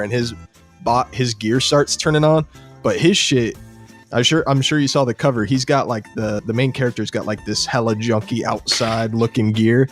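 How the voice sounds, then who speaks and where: A man's voice: medium pitch, a little fast, faint music behind. Young man hyped up retelling an episode. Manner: excited, profane retelling of a show episode. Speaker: podcast host. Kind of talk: casual chat.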